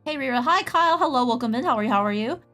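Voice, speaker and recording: A woman's voice: sits high, animated, rapid-fire, fairly bright tone. A woman streaming while she draws, telling a rambling story in casual chat, full of "like", and stopping to greet her chatters. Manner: rambling storytelling, heavy use of "like". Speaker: streamer and artist. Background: faint background music.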